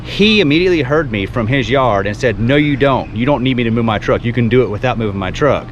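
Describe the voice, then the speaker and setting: A man from Texas talks casually into the camera at a campground. His delivery swings lively and expressive as he tells stories and hands out advice. Faint outdoor noise sits behind him. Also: medium pitch, quick pace, dull audio. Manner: animated, storytelling, advice-giving. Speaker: vlog host. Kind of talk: casual travel vlog talk.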